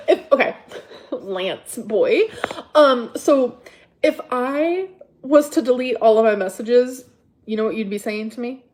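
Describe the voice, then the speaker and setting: A livestream host rants to her viewers, exasperated and defensive, swearing freely and hitting them with repeated rhetorical questions. Her voice sits on the high side and is a little mellow.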